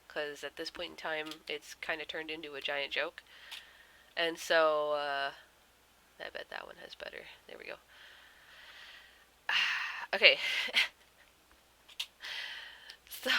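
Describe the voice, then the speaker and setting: A young woman telling a rambling anecdote while she draws, full of fillers and deadpan punchlines. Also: sits low, slight background noise, low-quality recording. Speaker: artist vlogger. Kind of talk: casual storytelling while drawing.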